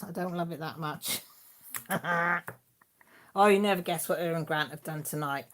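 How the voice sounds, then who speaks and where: A middle-aged woman chats casually on a live stream. She rambles through family stories, full of fillers, laughs and playful voices for her relatives. Her voice sits a little on the low side. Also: a little slow, pauses often, a bit bright, a little hiss or hum. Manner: rambling, chatty storytelling with frequent fillers. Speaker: channel host.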